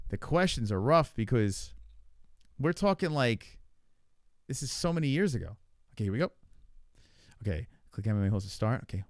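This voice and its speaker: A man hosting a casual podcast, thinking aloud while he plays a quiz, with lots of swearing, fillers and halting repeats. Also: medium pitch, darkish tone, no room sound, studio quality. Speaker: podcast host. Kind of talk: casual chat while playing an online quiz.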